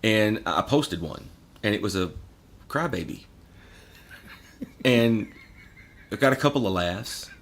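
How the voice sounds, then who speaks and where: Animated, sarcastic man ranting. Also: on the low side, slow pace, creaky, long pauses. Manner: sarcastic, profane ranting with laughter. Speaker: podcast guest, guitarist. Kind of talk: casual podcast storytelling.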